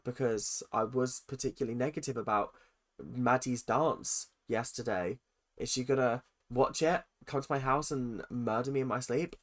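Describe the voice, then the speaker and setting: Brief: twenties reactor, sarcastic, animated, swears a lot, mid-pitched voice. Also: normal speed. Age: 20s. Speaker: reaction video host. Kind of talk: ranting reaction commentary.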